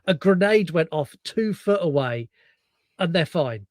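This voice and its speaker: A man co-hosting a podcast, chatting casually about a film, animated and profane, acting out lines from it. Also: fairly high pitch, measured pace, no room sound, studio quality. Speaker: podcast co-host. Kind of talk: casual film review chat.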